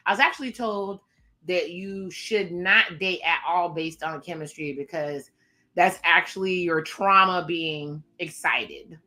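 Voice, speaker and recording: A woman's voice: lowish voice, unhurried, bright, forceful tone. A woman hosting a casual reaction video, chatty and sassy, talking straight to her viewers. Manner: chatty, sassy asides to viewers, frequent laughs.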